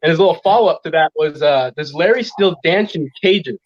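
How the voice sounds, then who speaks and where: A man's voice: fairly high pitch, fairly quick. A man co-hosting a podcast, reading out viewer questions in a dry way. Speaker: co-host reading viewer comments. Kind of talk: casual podcast chat. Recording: dull lo-fi sound.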